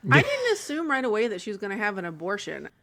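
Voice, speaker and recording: Bright blunt woman tossing jokey asides. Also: medium pitch, wildly swooping pitch, fast, creaky. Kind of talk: casual movie podcast chat.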